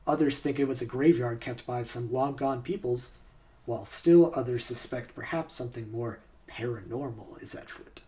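A man at a middle pitch reads trivia aloud for a quiz on a podcast. His reading is steady and measured, and he slips into easy, casual chat between the questions. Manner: reads facts aloud, then chats casually. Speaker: podcast host.

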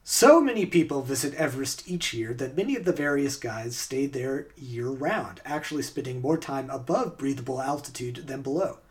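A man's voice: mid-range voice, lively intonation, moderate pace, few pauses. A man hosting a podcast, reading out trivia facts in a quiz game and then chatting casually about the answers. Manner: reads facts aloud, then chats casually. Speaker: podcast host.

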